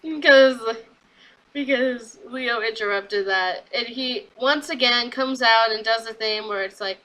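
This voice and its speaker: Young woman, casual recap, giggly, bright crisp voice, slightly high pitch, acts out quotes. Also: measured pace, low-quality recording. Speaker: wrestling show reviewer.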